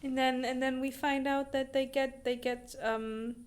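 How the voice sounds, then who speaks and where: A woman's voice: high-pitched, unhurried. A woman co-hosting a book club podcast, chatting casually and acting out characters' lines with frequent laughter. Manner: animated, acts out characters' lines, laughs often.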